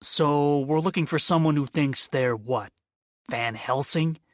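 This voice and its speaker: A man voicing a police detective who asks questions in a brisk, matter-of-fact way, in an audiobook. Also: on the high side, no echo, clean studio sound, lightly acted. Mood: businesslike. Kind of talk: audiobook character voice.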